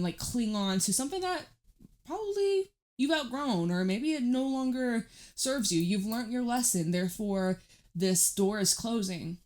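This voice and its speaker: A woman giving a tarot reading to camera, talking in a gentle, reassuring, chatty way with many fillers. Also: medium pitch. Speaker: tarot reader.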